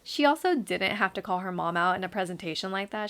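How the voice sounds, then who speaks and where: A woman's voice: medium pitch, quick pace, few pauses, clean tone. A woman in her twenties hosting a podcast, chatting casually and with animation as she reacts to a story, with her throat getting a little sore. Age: 20s. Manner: chatty and animated, heavy use of "like" and "y'all". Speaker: podcast host.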